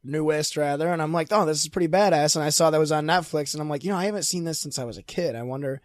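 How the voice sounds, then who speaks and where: A man's voice: a little high, rapid-fire, dry recording, clean studio sound. A young man co-hosting a podcast, telling stories in casual chat with swearing and frequent laughter. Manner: animated, swearing storyteller, laughs often. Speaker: podcast co-host.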